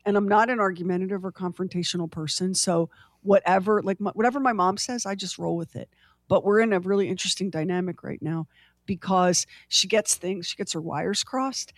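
A chatty co-host who laughs easily and wanders into playful asides. The voice sits at a middling pitch. It is recorded close and dry, with no room sound. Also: fairly quick, no echo. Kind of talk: casual chat.

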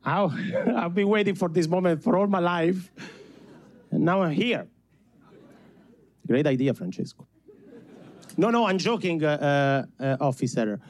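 A man from Italy with a strong Italian accent, performing an animated, self-mocking stand-up comedy set on stage before a live audience. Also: a little high, unhurried, pauses often.

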